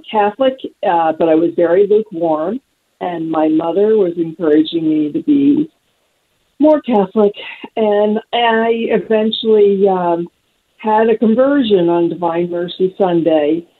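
A woman from Pennsylvania calling a radio show, telling her story in an emotional, halting way. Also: mid-range voice, lively intonation. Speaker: radio caller. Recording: tinny phone line.

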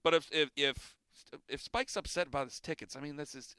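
A man's voice: fairly high pitch, a little fast, pushed and bright, clean tone, dry recording. A man from the Cleveland area hosting a sports radio talk show, making his case emphatically and repeating his points. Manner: emphatic, repetitive, argumentative.

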